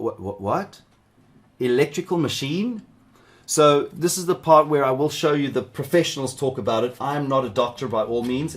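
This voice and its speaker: Middle-aged man from South Africa, rambling, chatty instructor, mid-pitched voice. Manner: chatty, rambling, with asides to viewers. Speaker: cybersecurity instructor. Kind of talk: live workshop teaching.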